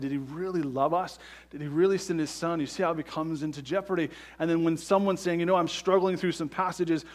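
A man preaching a sermon earnestly, often checking in with the congregation by asking "right?". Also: on the high side. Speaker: pastor.

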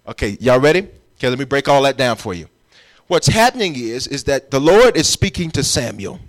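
A man preaching a sermon as pastor, emphatic and urging his congregation along as he explains scripture. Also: a little high. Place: church.

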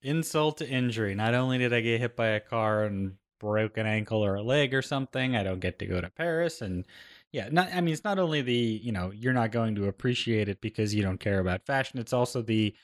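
A man co-hosting a casual movie-review chat, talking fast and acting out scenes in quoted voices. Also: fairly low pitch. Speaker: podcast co-host.

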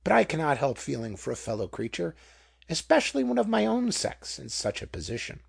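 A man's voice: a little high, wildly swooping pitch, fairly quick, vocal fry, slightly rough, pitched above the performer's own voice, full character voice. A man voicing a compassionate young lady in a storybook reading, earnest and firm.

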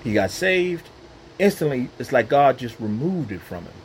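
Earnest man with a lively, swinging voice. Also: mid-range voice, moderate pace, a little hiss or hum, low-quality recording. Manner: earnest and emphatic, repeats phrases for weight. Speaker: Christian speaker. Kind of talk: personal devotional talk. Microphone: own microphone.

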